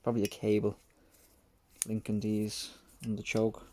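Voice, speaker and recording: A man's voice: lowish voice, monotone, moderate pace, a little mellow. A man working on a motorcycle in a home workshop, muttering to himself as he goes and poking fun at himself, close to the mic. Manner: mutters to himself while working, wry and self-mocking. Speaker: motorcycle restoration vlogger. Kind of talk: casual workshop commentary. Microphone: close mic while hands are busy.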